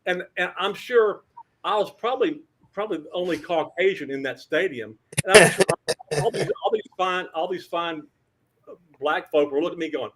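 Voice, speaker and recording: An older man telling lively sports anecdotes as a podcast guest, acting out quotes and stammering through restarts. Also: on the high side, moderate pace, pauses often. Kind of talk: storytelling in a podcast interview.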